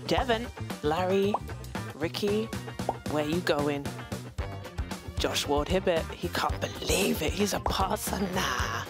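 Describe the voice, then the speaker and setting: A woman running a rapid question game with a team, her voice sitting mid-range but bouncing up and down a lot. she cheers and teases as she goes. music sits clearly behind her. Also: lowish voice, lively intonation. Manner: bubbly, quick questions with cheers. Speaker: interviewer. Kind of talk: upbeat team quiz segment.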